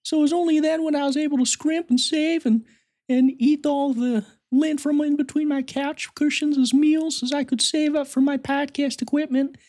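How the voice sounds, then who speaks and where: A man's voice: very high voice, steady tone, moderate pace, a little mellow, pitched above the performer's own voice. A man voicing a pompous, nerdy male superfan podcaster who brags, rambles and giggles. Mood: sheepish. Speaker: fake guest.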